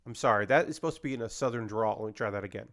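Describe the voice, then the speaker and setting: A man's voice: fairly low pitch, very fast, a bit bright. A male comedian and host in casual chat, rambling and self-deprecating as he talks through his ideas.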